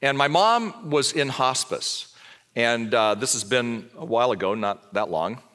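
Lively older man preaching a sermon. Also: medium pitch, a little slow. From Southern California. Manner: lively storyteller, acts out dialogue. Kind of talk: sermon with personal storytelling.

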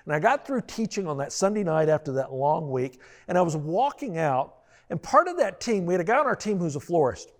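A man's voice: a little high, big pitch swings, fairly quick. A man telling a self-deprecating personal story as a pastor, in a storytelling sermon style. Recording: long reverb of a large hall.

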